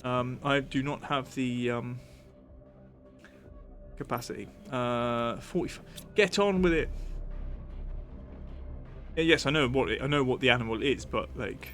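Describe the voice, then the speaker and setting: A man's voice: medium pitch, steady tone, normal speed, fairly bright tone, soft background music. A man streaming a game and chatting casually, musing aloud with lots of fillers and restarts. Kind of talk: casual live-stream chat.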